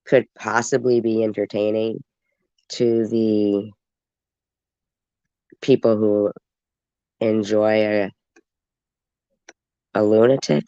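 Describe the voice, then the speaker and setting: A man's voice: fairly low pitch, steady tone, slow pace, pauses often, dark tone, clean tone, dry recording. A congested man, hosting a livestream and rambling casually to his viewers. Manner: rambling, talks straight to viewers. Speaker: livestream host. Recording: dull lo-fi stream audio.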